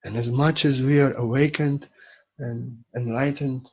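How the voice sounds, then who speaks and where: A man speaks in a slow, unhurried spiritual talk, soft and reflective with halting pauses. His pitch sits in an ordinary middle range, and the recording sounds dull and lo-fi. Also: fairly even intonation, slightly rough.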